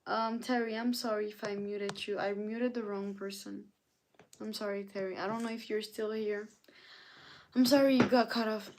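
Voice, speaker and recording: A woman's voice: mid-range voice, steady tone, normal speed, a little hiss or hum. A tired woman hosting a casual live stream, reading chat messages aloud and answering them. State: tired, yawning. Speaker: livestreamer.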